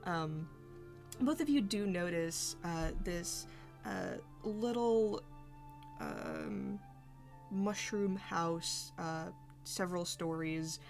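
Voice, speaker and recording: A woman running a tabletop game, narrating slowly and loosely with lots of fillers. Her voice sits a little low, with faint music underneath. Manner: relaxed, filler-heavy narration, laughs often. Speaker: game master.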